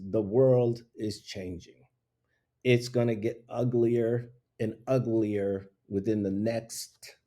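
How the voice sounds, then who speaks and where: A man's voice: mid-range voice, warm tone. A man hosting his own talk show, ranting bluntly in casual opinion talk and laughing at himself. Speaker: show host.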